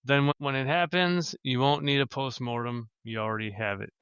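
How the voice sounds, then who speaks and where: A man's voice: medium pitch, fairly even intonation, fairly quick, a bit bright, clean tone, dry recording, highs cut off. A man co-hosting a casual podcast, laid-back and blunt, swearing casually. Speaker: podcast co-host.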